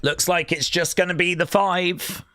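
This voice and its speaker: A man's voice: high voice, steady tone, a little slow, pushed and bright, no echo. A man hosting a live watch-along stream, chatting casually and joking in rambling asides.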